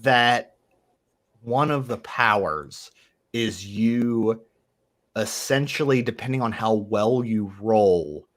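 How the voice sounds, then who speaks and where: Animated laughing man telling a game story. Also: fairly low pitch, slow. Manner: animated, laughing, swearing, acts out quotes. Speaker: player in a tabletop game. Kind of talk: casual storytelling chat.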